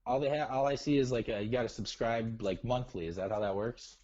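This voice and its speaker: A man with a Minnesotan accent calls into a live show, his voice dark and mellow. He keeps things laid-back, teasing the host and laughing easily. The call audio comes through dull and lo-fi. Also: medium pitch, a little fast. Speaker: caller. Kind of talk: casual chat.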